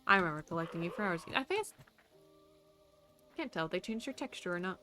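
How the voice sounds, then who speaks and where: A woman's voice: on the low side, animated, very fast, bright, forceful tone, faint music behind. A young woman streaming a game, chatting casually to herself and to the creatures she meets. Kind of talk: casual gameplay commentary.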